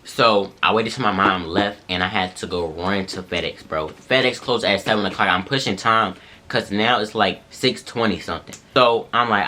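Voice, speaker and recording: A young man casually telling a story to viewers, animated and full of slang. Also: on the low side, a little hiss or hum. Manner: animated slangy retelling, addresses viewers as y'all and bro.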